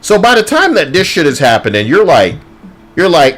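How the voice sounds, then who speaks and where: A man tears into a film in a heated, foul-mouthed rant full of sarcasm. His voice sits a touch high and leaps all over the place as he vents. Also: very animated, moderate pace, fairly bright tone. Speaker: movie reviewer. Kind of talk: ranting movie review.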